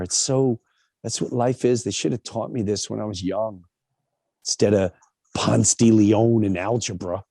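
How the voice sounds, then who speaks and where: Middle-aged man, warm tone, candid storyteller, emphatic, mimics others, close dry sound. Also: fairly low pitch, measured pace, gravelly, husky, dry recording. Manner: animated, acts out quoted voices, emphatic asides. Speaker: speaker telling a personal story.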